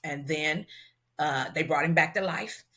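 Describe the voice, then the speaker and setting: A middle-aged woman from Los Angeles tells a long personal story as an interview guest. Her voice comes across bright and forceful, and she acts out the voices of the people in it. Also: sits low, a little slow. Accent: Southern California African American Vernacular. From Los Angeles, USA. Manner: animated storyteller who acts out quoted dialogue. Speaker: guest, celebrity hairstylist.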